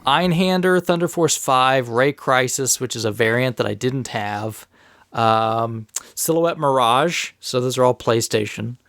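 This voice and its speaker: A man co-hosting a casual podcast, telling stories with lively bursts of rising pitch. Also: measured pace, no echo, studio quality. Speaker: podcast co-host.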